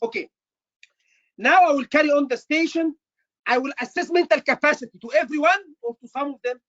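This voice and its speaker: A man's voice: very high voice, fairly quick, a bit bright, dry recording, muffled recording. A man tutoring students for a medical exam, emphatic and repeating his words. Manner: emphatic, repeats words, says "brother" often. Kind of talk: online teaching session.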